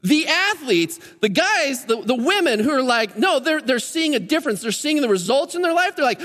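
An American man preaching a sermon in a conversational, energetic way, his voice climbing higher when he gets excited. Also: normal speed, hardly any pauses, long reverb tail. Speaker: pastor. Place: church sanctuary.

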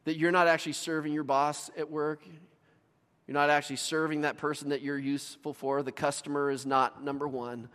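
A man's voice: fairly high pitch, flat delivery, brisk, fairly bright tone. A middle-aged man preaching a sermon as pastor, telling stories with voiced asides. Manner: storytelling with voiced asides and laughs. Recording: long reverb of a large hall.

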